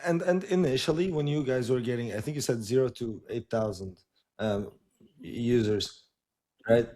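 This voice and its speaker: A man hosting a casual interview, asking questions in a laid-back, halting way with many restarts. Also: medium pitch, mellow. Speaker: podcast host.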